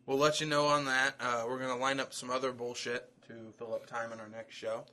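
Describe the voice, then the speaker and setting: Bright-voiced man rambling on a podcast. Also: mid-range voice, flat delivery, a little fast. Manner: rambling, crude jokey banter with filler. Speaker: podcast co-host. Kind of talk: casual chat.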